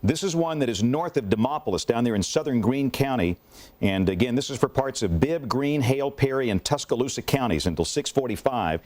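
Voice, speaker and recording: A man's voice: medium pitch, animated, fairly quick, darkish tone. Urgent folksy man on live weather. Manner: urgent, folksy, many fillers. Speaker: TV meteorologist. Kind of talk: live severe weather coverage.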